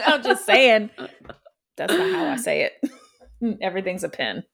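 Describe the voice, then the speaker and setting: A woman from Ohio with a Midwestern American accent, co-hosting a podcast in a relaxed, laughing, agreeable way. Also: fairly high pitch, unhurried, gravelly, noisy background. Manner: laid-back, laughs often, agreeable. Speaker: podcast co-host. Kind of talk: casual chat.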